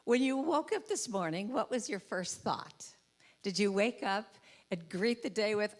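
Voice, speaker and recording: A woman speaking at a church service, giving a playful inspirational talk and acting out quotes in high, comic voices. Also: moderate pace. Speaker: guest speaker and musician. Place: church sanctuary. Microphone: handheld or headset mic with trouble.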